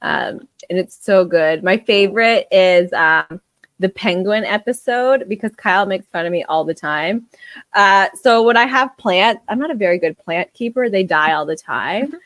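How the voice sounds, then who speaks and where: A woman's voice: mid-range voice, moderate pace, a bit bright, no echo. A woman co-hosting a podcast in casual chat. She swears freely, laughs often and acts out quotes from shows. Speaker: podcast co-host.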